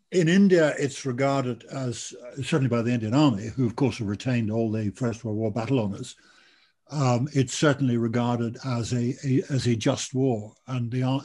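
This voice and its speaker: A man's voice: medium pitch, darkish tone, breathy edge. An older man from Britain, a military historian answering a question in a live online talk, outspoken and blunt, with frequent ums and restarts.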